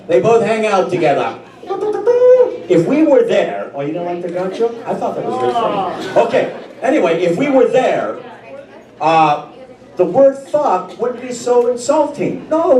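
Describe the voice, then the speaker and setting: Older man doing crude stand-up. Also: high voice. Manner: crude, drawling, chuckling delivery. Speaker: stand-up comic. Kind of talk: stand-up routine. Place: small club with a live crowd. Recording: echoey room, mic far off, loud crowd.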